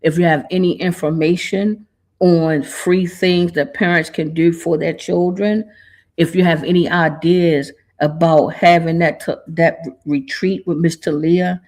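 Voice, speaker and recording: A woman's voice: lowish voice, fairly even intonation, a little slow, a little mellow. A woman hosting a podcast, talking in an earnest, casual way with informal slang, holding back tears. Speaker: podcast host. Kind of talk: heartfelt podcast monologue.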